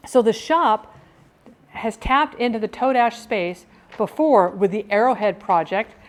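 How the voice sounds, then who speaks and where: A woman's voice: mid-range voice, a little mellow. A woman vlogging in a rambling, talkative casual chat that jumps between thoughts.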